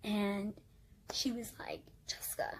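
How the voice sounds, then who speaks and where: A young woman vlogger telling a storytime casually, animated, dropping into whispers and laughs, with a breathy voice. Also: a little high, a little slow. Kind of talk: storytime vlog, casual retelling.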